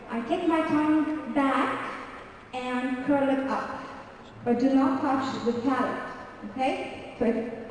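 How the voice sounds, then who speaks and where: A woman's voice: high-pitched, a little mellow. A woman with an Egyptian Arabic accent, an English pronunciation trainer running a live workshop, demonstrating sounds and checking in with "okay?". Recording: echoey hall from far off, faint room noise.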